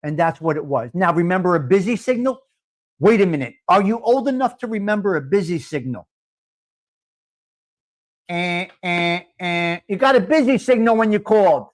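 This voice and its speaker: A man's voice: high-pitched, sing-song, a little fast. Blunt crude-talking New man. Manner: blunt, crude, laughing, talks straight to chat viewers. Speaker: host of a live coffee talk stream. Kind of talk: casual live-stream chat.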